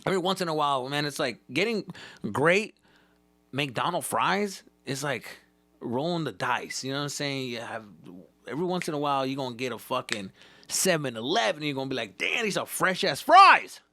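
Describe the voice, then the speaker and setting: A male comedian rambles through a profane story in a gravelly, fry-laden voice. The sound is dry and close, with no room around it, and he keeps breaking into the voices of the people he describes. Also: mid-range voice, lively intonation, a little fast, pushed and bright, dry recording. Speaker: comedian, podcast host.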